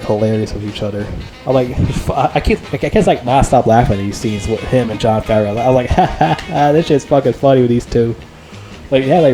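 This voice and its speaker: A man delivers an unscripted, casual movie review, rambling excitedly, swearing freely, and leaning on filler words. His voice is on the low side.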